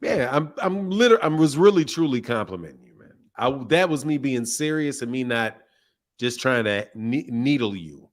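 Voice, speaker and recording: A man's voice: medium pitch, expressive, moderate pace. Mock-formal, teasing male stream host. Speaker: show host. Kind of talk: live-stream call-in chat.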